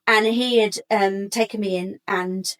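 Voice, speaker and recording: A woman's voice: medium pitch, a little slow. A woman, a guest telling her own life story candidly and acting out what others said. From England. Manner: animated, acts out other people's lines.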